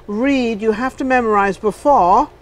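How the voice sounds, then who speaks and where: A woman's voice: a little high, unhurried. Chatty English woman hosting an interview. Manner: chatty, animated, interrupts often. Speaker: talk show host. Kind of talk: casual interview chat.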